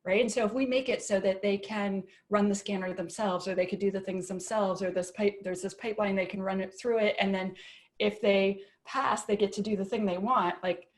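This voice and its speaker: A woman's voice: medium pitch, steady tone, a little fast. A woman with a Canadian accent, speaking casually as a panelist with lots of filler words.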